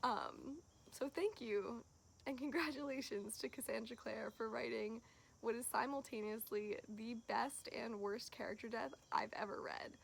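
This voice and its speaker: A woman reviewing a book to camera in a chatty, gushing way, full of "like"s and quick laughs. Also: fairly high pitch, creaky, husky. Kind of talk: casual chat to camera.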